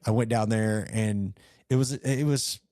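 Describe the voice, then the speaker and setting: A middle-aged man from rural northeast Missouri speaks in a fairly low voice, telling his founding story in earnest, rambling fashion with many fillers and restarts. The sound is dry and close, with little room to it. He talks casually, as a guest on a podcast. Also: fairly even intonation, a little slow, mellow, no room sound.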